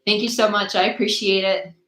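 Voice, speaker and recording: A woman's voice: medium pitch, level tone, fairly quick, roomy sound, noisy background. A young woman chatting casually with viewers during a tarot livestream, bubbly and rambling, her voice a little worn as if she is losing it.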